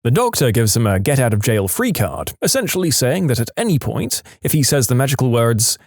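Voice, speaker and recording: A man narrates reddit stories with an animated, swinging delivery, now and then slipping into quick voices for the people in them. His voice sits at an ordinary middle pitch. The sound is close and dry, with no room around it. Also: no room sound. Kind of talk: reading reddit stories aloud.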